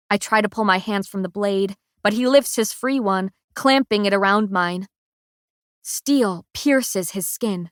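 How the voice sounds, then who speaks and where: A woman narrating a first-person audiobook in a measured, emotional way. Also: mid-range voice, no room sound, studio quality.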